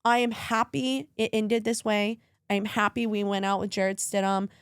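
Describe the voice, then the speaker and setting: A woman's voice: mid-range voice, flat delivery, normal speed, clean tone, no room sound, studio quality. A woman co-hosting a casual sports podcast, gushing and tearful as she talks about her team. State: crying at times. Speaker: podcast co-host.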